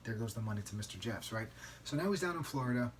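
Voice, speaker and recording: A man hosting a solo podcast, telling a story in a conversational, emphatic way and often tagging a quick "right?" onto his sentences. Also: medium pitch, expressive, slight background noise. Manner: conversational, keeps asking "right?"; emphatic, outraged. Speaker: podcast host.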